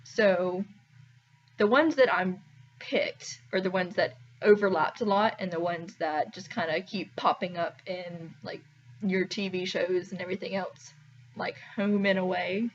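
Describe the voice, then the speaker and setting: A woman's voice: fairly low pitch, fairly even intonation, a little slow, highs cut off, slight background noise. A young woman vlogging to camera in a chatty, wry, self-deprecating way, full of "like"s. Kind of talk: casual talking-to-camera vlog.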